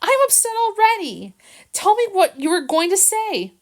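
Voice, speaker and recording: A woman's voice: high-pitched, expressive, moderate pace, pitched above the performer's own voice. A woman reading aloud and voicing Jill, a distressed young woman who works at a kennel. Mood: upset. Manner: tearful, distressed. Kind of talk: audiobook reading.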